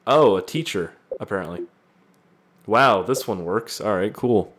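A man reading fan voice messages aloud and reacting with loud, profane jokes in a casual gaming video. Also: on the low side, animated, unhurried. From Canada. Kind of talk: casual gaming vlog commentary.

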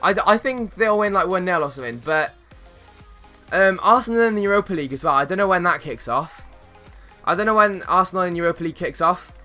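Fast and chatty, a young streamer narrates his football video game to his audience in relaxed slang. His bright, forward voice sits slightly high, he welcomes viewers, and he erupts with excitement at plays over faint background music.

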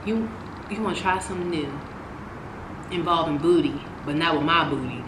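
A young woman telling a story about her past in a casual, animated way, cursing and swinging between loud outbursts and hushed asides. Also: sits low, moderate pace, long pauses. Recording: echoey room with noise.

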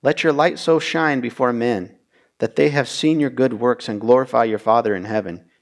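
Man teaching a Bible study. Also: mid-range voice. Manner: measured, reads verses then explains them plainly. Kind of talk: verse-by-verse Bible teaching, reading scripture aloud.

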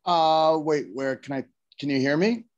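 A man joins a study group discussion over a video call. His voice sits a little higher than usual for a man, and he stumbles and restarts as he speaks. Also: unhurried, lo-fi sound. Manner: hesitant, with restarts. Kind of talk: casual online discussion.

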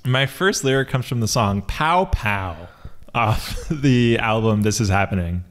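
A man's voice: fairly low pitch, expressive, a little slow. A young man co-hosting a comedy podcast, chatting casually, laughing often and slipping into mocking quoted voices. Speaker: podcast co-host.

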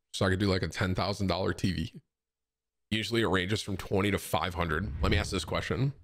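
A man in his thirties chatting casually and jokingly to his live-stream audience, dropping "bro" often. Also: lowish voice. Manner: loud, joking, says bro a lot.

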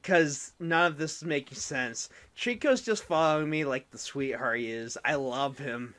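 A man's voice: mid-range voice, normal speed, sharp tone. A young man giving casual, rambling, self-mocking commentary while playing a video game. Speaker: let's play host.

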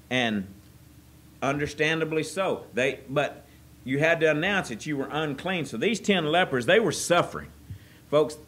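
A man preaching a sermon, folksy and direct with the congregation, moving between a hushed, earnest prayer and loud, emphatic exhortation. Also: a little high. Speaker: pastor.

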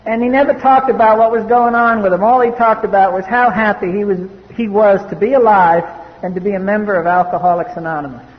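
A man's voice: high-pitched, steady tone, fairly quick. A man from the US East Coast giving a personal testimony talk at a recovery meeting, blunt and wry. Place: meeting hall. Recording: dull old cassette tape in a reverberant hall.

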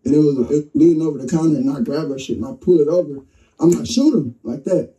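Young man, interview guest, animated storyteller, darkly toned voice, heard from a distance. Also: fairly high pitch, fast. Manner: excited, vivid, acts out quotes.

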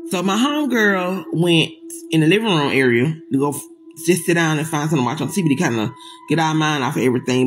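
A woman telling a personal story straight to her audience in a casual storytime monologue, animated and dramatic, swearing often. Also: sits low, low-quality recording.

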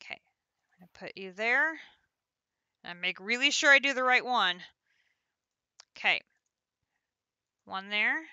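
A woman's voice: on the high side, expressive, unhurried, long pauses, pushed and bright, smooth, dry recording. A woman streaming a game live, chatting to herself as she counts out and places items. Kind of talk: live gameplay commentary.

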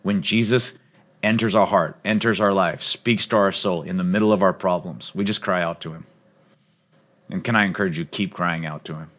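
A man preaching a sermon as pastor, earnest and emphatic, sometimes dropping to a soft, low voice. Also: moderate pace. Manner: drops to a soft, low voice on key points.

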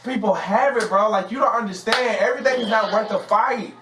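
Male contestant, high voice, rambling slangy rants, distant noisy mic. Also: fairly quick. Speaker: reality show contestant. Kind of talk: casual ranting chat. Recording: distant echoey mic with noise.

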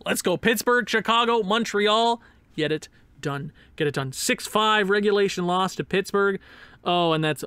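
A man's voice: high-pitched, sing-song, a little slow, fairly bright tone, smooth, no room sound. A man giving casual commentary over a sports game, sarcastic and exasperated, with bursts of pained laughter. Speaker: gaming YouTuber.

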